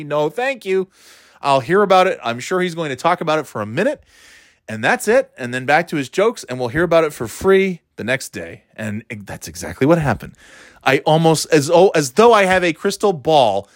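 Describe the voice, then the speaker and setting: A man hosting a podcast, ranting in a casual, profane, exasperated way and mocking people in high put-on voices. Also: dry recording, clean studio sound. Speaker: podcast host.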